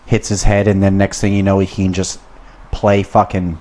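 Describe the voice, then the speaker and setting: A man's voice: low voice, flat delivery, normal speed, darkish tone. A man hosting a podcast in casual chat, rambling and swearing a lot. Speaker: podcast host.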